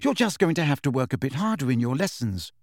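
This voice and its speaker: A man's voice: mid-range voice, sing-song, fast, dry recording, clean studio sound. A man voicing a clever, bossy teenage girl student in an audiobook, speaking sharply and earnestly. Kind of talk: audiobook character voice.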